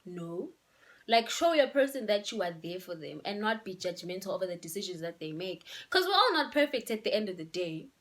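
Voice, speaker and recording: A woman's voice: medium pitch, big pitch swings, fairly quick. A young woman, giving relationship advice in a casual, emphatic vlog and slipping in local words. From Eswatini. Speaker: vlogger.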